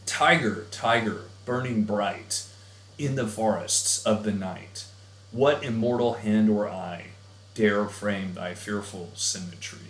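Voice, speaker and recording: A man reading a poem aloud slowly and with emotion. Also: fairly low pitch, reverberant. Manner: slow and emotional recitation. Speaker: teacher. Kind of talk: dramatic poetry reading.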